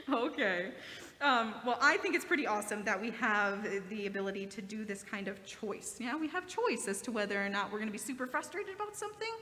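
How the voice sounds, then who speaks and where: A woman's voice: on the high side, expressive, fairly quick, sharp tone. A woman leading a children's sermon in a church, reading scripture and asking the children questions on a handheld microphone. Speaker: children's time leader. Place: church sanctuary. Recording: echoey hall.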